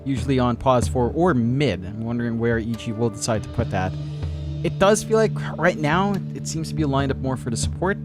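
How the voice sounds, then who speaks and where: A man's voice: mid-range voice, expressive, loud music behind the voice. Playful Filipino man casting esports. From Philippines. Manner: playful, teasing, quick to laugh. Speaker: esports caster.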